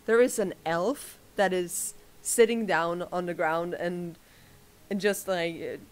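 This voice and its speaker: A woman running a tabletop game as game master, talking in a halting way with many fillers and frequent laughter. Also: lowish voice, fairly even intonation, darkish tone.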